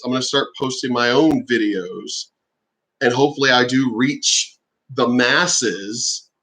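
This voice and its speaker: A man ranting on his own vlog, profane and exasperated, now and then mocking others in shrill voices. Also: bright, forceful tone, rough recording. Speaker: channel host.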